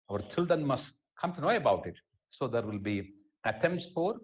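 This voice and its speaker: A man's voice: mid-range voice, husky. Emphatic Indian man lecturing on a webinar. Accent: Indian English. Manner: emphatic, repeats key phrases. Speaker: webinar speaker. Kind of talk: lecture on education policy. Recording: dull lo-fi webinar audio.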